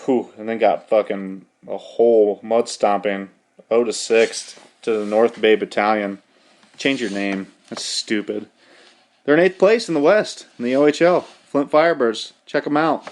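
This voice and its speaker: A man's voice: medium pitch, moderate pace, darkish tone. A young man hosting a podcast, rattling off hockey scores in a profane, rambling, mock-outraged casual rundown. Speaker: podcast host.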